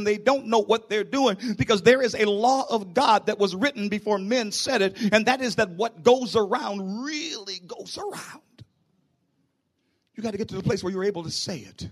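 A man preaching a sermon to his church, rising into shouts and falling to a hush. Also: high-pitched. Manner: preaching with sudden shouts and hushed drops. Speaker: pastor.

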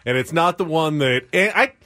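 A male sports radio co-host with a high voice. He talks in an upbeat, chatty way and jumps in with quick remarks. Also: expressive, pushed and bright. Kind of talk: casual morning radio chat.

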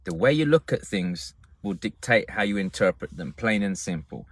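A man's voice: fairly low pitch, sing-song, moderate pace, husky, no echo. A man giving a motivational talk, guiding listeners through an exercise with emphatic, repeated instructions. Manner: emphatic, directive, repeats phrases. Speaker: public speaking coach.

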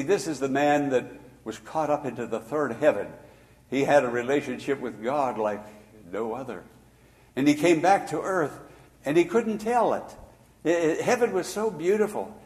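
An older man preaches in a church sanctuary with long reverb trailing his words. His voice sits mid-range, dropping to a hush for stories, then rising loud and emphatic to exhort. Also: mid-range voice. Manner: swings from hushed storytelling to loud emphatic preaching. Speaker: pastor. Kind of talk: sermon.

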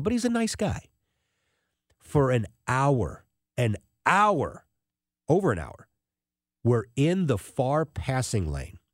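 A man in his sixties hosting a radio talk show, telling a rambling, animated story with many restarts. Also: medium pitch, no echo, clean studio sound. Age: 60s. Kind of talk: casual talk radio monologue.

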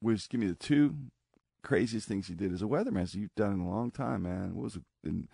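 A man's voice: on the low side, quick pace, gravelly, dark tone, husky, dry recording, clean studio sound. A male talk show host chatting loosely, rambling and laughing along with his guest. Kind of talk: casual talk-show chat.

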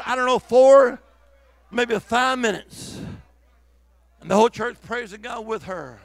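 A man's voice: extremely high pitch, unhurried, gravelly, pauses often, no echo. A man preaching a revival sermon, exhorting the congregation with fervent calls of hallelujah.

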